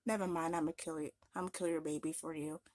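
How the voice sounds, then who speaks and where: A woman's voice: low voice, fairly even intonation, fast talker, darkish tone, no room sound, clean studio sound. A woman mocking a blunt, offhand God. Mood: dismissive. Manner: blunt, dismissive, slangy. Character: offhand callous male God, mocked.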